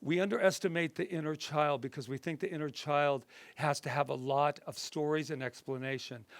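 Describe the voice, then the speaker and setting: A male minister with a slightly high voice leads a group workshop. He talks in a lively, conversational way, then eases into slow, gentle guidance. The sound is close and dry, with little room echo. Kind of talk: workshop talk and guided meditation. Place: indoor group session room.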